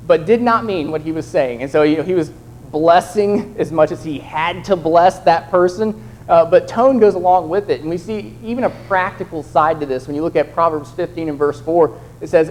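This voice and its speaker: A man's voice: on the high side, moderate pace, a little mellow, slight background noise, poor audio. Conversational young man preaching a sermon. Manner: conversational, acts out quoted voices.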